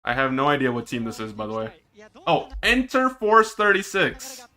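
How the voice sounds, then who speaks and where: A man streaming himself reacting to an esports match, excitable and teasing, with drawn-out dramatic groans. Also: medium pitch. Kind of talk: casual live-stream reaction commentary.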